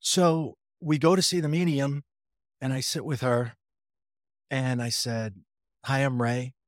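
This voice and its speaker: A man speaking at a middle pitch as he tells his own story in a conversational, wry, self-deprecating way. He recounts conversations step by step and often restarts his sentences. The sound is close and dry, with no room echo. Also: unhurried. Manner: conversational, retells dialogue, frequent restarts. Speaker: interview guest. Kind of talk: personal storytelling.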